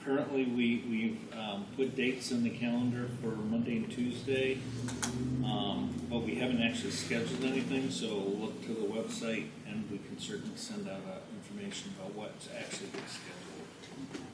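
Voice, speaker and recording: A man's voice: medium pitch, steady tone, normal speed. A man on a town committee who speaks practically, with dry sarcastic asides. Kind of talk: casual committee meeting talk. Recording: noisy echoey room, distant mic.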